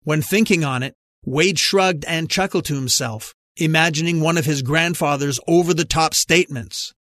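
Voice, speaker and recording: A man's voice: on the high side, normal speed, few pauses, fairly bright tone, no echo. Dry-voiced male audiobook narrator. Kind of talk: scripted narration.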